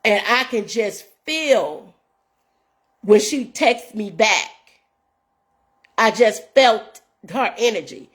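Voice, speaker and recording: A woman's voice: fairly high pitch, expressive, takes it slowly, long pauses, slightly rough. A woman in her fifties hosting her own show, telling viewers a story in an earnest, casual way and reading out messages. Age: 50s. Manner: earnest, addresses viewers as y'all, reads out messages. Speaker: show host.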